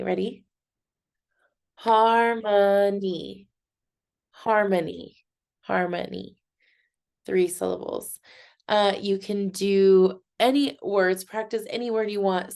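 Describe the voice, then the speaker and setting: A young woman teaching a recorded lesson for children. She speaks slowly and clearly, with an encouraging tone, and stretches words out as she claps their syllables. Her mid-range voice has a slight gravelly fry. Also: mid-range voice, a little mellow.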